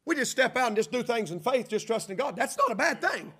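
A man's voice: extremely high pitch, big pitch swings, fairly quick, fairly bright tone, slightly rough. A man preaching a sermon, telling a folksy story and working up to fervent preaching. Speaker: pastor.

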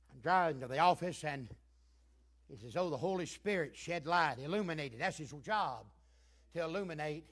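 An older man preaching a sermon, moving between hushed storytelling and fervent shouting. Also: sits high.

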